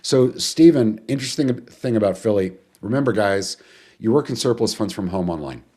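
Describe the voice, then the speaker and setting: Deep-voiced man hosting a webinar. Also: animated, normal speed, mellow. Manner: chatty, rambling, greets viewers and answers chat questions. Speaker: webinar host. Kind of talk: casual live webinar talk.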